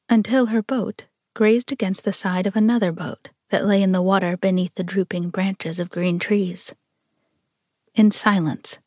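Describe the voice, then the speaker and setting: A woman narrating an audiobook in a steady, measured reading manner. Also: mid-range voice, no echo, clean studio sound.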